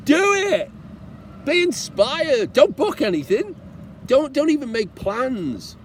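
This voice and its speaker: A man's voice: on the high side, darkish tone, a little hiss or hum. Chatty British man vlogging outdoors. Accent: British English. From Britain. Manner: chatty, encouraging, self-mocking, jokingly tearful. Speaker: motorcycle travel vlogger. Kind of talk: casual chat to camera.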